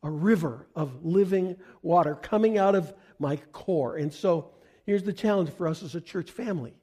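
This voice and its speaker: A male pastor with a high voice delivers an earnest sermon to his church. He swells to loud, emphatic peaks at key lines. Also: normal speed, slightly rough.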